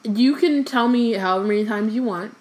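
A woman's voice: on the high side, fairly quick. Chatty woman podcast co-host. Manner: chatty, many fillers, animated reading. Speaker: podcast co-host reading aloud. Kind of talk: casual chat and book reading.

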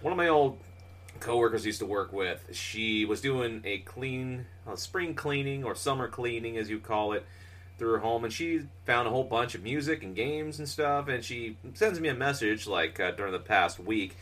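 A man's voice: mid-range voice, animated, moderate pace, fairly bright tone. A man co-hosting a podcast, rambling through stories with lots of laughter, fillers and swearing. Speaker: podcast co-host. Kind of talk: casual podcast banter. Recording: distant from the mic.

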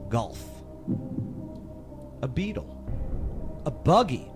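A man hosting a talk show, running a trivia quiz with jokey, lively banter and frequent laughs. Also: mid-range voice, very slow, music in the background. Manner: jokey, animated, laughs often.

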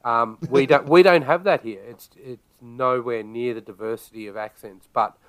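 Australian guest, easygoing man, smooth clear voice, dry close sound, casual podcast chat. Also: medium pitch, moderate pace, no room sound. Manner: laid-back, opens points with "look".

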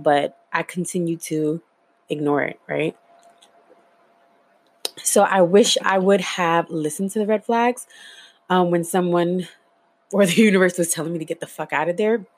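A young adult woman casually telling a personal story, candid and loose, swearing freely with lots of fillers. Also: lowish voice.

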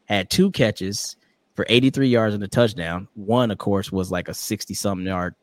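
A man's voice: on the low side, fairly even intonation, moderate pace, dry recording. A man hosting a casual sports podcast, playful and teasing with his co-hosts. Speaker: podcast host.

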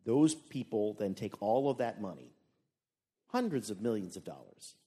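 A man co-hosting a live podcast on stage, tossing in quick jokes and then leading the next topic. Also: fairly low pitch, sing-song, mellow, slightly rough. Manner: quick wisecracking interjections. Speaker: podcast co-host. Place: hotel event room with a live audience.

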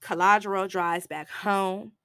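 A woman hosting a podcast, recapping a film in a casual, animated way, bluntly swearing and jumping into higher voices to act out what the characters say. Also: takes it slowly, smooth, no room sound, clean studio sound. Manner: animated storyteller who jumps into high voices to act out quotes. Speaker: podcast host reviewing a film.

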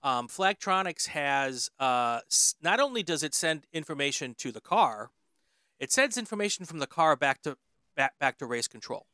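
A man hosts a casual interview podcast, filling his sentences with ums and uhs. His voice is bright and smooth. The recording is dry, with no room sound. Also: on the high side, sing-song, moderate pace, dry recording. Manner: hesitant, lots of ums and uhs. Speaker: podcast host.

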